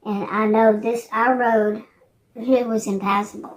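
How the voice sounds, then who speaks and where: A woman in her sixties rambles casually on her vlog, drifting between thoughts with plenty of fillers and hesitant restarts. Her voice sits fairly high, delivered flatly and a little slowly, with a faint hiss or hum underneath.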